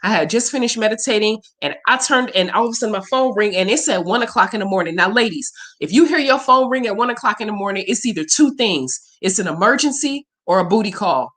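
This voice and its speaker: A woman's voice: mid-range voice, lively intonation, quick pace, hardly any pauses, a bit bright. Woman, spiritual reader hosting a livestream; candid, emotional, salty chat. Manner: candid, profane, emotional and chatty. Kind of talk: casual livestream Q&A.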